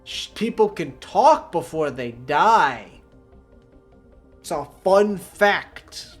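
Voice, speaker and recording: A man's voice: on the high side, big pitch swings, extremely slow, soft background music. A man streaming a video game live, commenting in a sarcastic, profane, mocking way.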